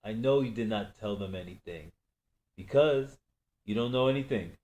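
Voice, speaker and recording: A man's voice: on the low side, moderate pace, darkish tone, natural voice. A man reading a novel aloud, voicing a menacing gang boss who taunts and persuades in a raised voice. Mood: persuading. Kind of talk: audiobook reading.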